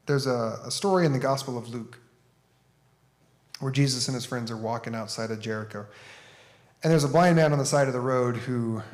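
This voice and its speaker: A man giving a conference talk as an author and speaker, conversational and plain-spoken as he tells a story. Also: mid-range voice.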